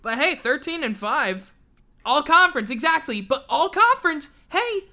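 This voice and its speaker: Bright, profane woman ranting sports. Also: sits high, sing-song, moderate pace. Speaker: sports talk show host. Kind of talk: casual livestream sports rant.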